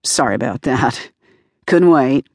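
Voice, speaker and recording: A woman's voice: a bass voice, expressive, unhurried, a little mellow, breathy edge, no room sound, studio quality, full character voice. A woman voicing a brash, fifty-ish male film producer who speaks curtly and half-distracted. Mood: offhand. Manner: curt, offhand, phone-distracted.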